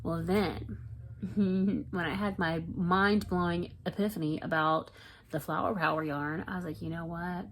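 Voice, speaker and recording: A woman, a crochet vlogger rambling excitedly in casual chat to her viewers. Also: fairly low pitch, unhurried. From Florida, US.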